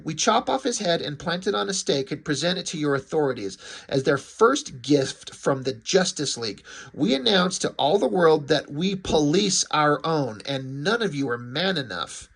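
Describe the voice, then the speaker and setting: A man's voice: fairly high pitch, animated, moderate pace, hardly any pauses, fairly bright tone, husky, full character voice. Man reading as a furious Amazon warrior woman. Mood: contemptuous. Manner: scornful, harsh read-aloud of comic dialogue. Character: furious, contemptuous female Amazon warrior hero.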